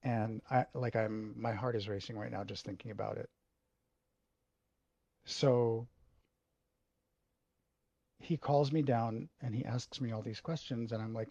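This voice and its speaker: A man with a husky, gravelly voice tells a personal story slowly, in halting, emotional bursts and with frequent swearing. The recording is dry and slightly dull. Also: mid-range voice, steady tone, warm tone, no echo. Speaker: video host.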